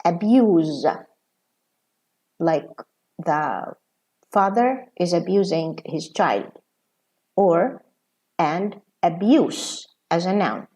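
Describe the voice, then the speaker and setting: A woman professor of English teaching a pronunciation lesson, talking slowly and deliberately with frequent fillers. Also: fairly low pitch, animated, darkish tone.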